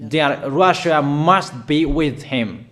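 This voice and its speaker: A man's voice: fairly high pitch, animated, slow pace, a bit bright. A man preaching a sermon of prophetic declarations, emphatic and repetitive in a declamatory way.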